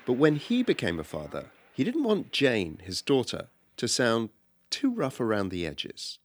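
A man with a British accent narrating a podcast in a measured, wry way. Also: medium pitch, huge pitch swings. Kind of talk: scripted narration.

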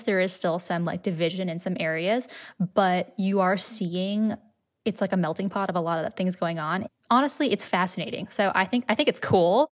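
Chatty woman linguist in an interview. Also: on the low side. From Massachusetts. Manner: casual, chatty, with many fillers.

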